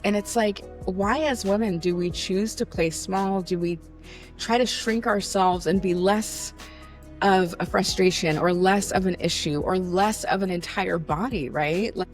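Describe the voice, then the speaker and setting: A woman in her forties, a somatic coach, giving a candid, casual motivational pep talk that guides the listener through breathing and swears now and then. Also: medium pitch. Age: 40s.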